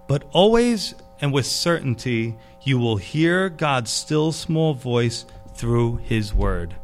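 A man preaching a sermon, animated and casual, dropping to a hushed tone for emphasis. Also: a little high. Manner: animated, drops to a hush for emphasis. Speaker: pastor.

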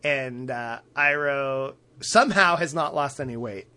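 Speaking a little slowly, a man with a clean, sharp, mid-range voice recaps a cartoon on a podcast he co-hosts. The chat is casual, with plenty of laughter, fillers, and acted-out quotes.

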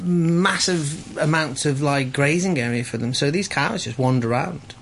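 A man talking as a chef guest in a radio studio, casual and halting, full of fillers and restarts. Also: fairly high pitch, gravelly, a little hiss or hum.

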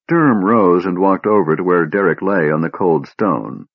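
A man with a very low, husky voice reads an audiobook in a grave, measured way. The recording is dry and a touch dull. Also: animated, dry recording. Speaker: narrator. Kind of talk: audiobook narration.

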